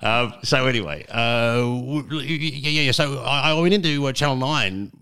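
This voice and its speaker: A man's voice: medium pitch, normal speed, pushed and bright, clean tone. A middle-aged Australian man telling stories as a guest in a casual interview, rambling and self-mocking, with lots of fillers. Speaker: guest, radio broadcaster.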